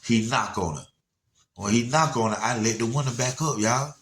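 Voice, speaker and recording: A man's voice: medium pitch, normal speed, a bit bright, slight background noise. A man telling a story casually to viewers, rambling and laid-back, often checking in with "you know what I'm saying". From Atlanta area, USA.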